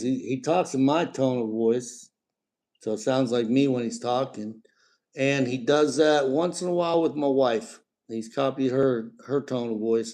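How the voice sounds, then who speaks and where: A man's voice: medium pitch, a little mellow. A middle-aged man, chatting casually on a live stream about his pet parrot and breaking off to talk to the bird.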